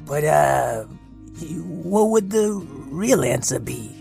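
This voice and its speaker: A woman's voice: sits low, lively intonation, drawn-out words, gravelly, dark tone, faint music behind, exaggerated voice. A woman voicing a cheeky, playful invisible animal who interviews the host with teasing, mock-suspicious questions in a kids' podcast audio play.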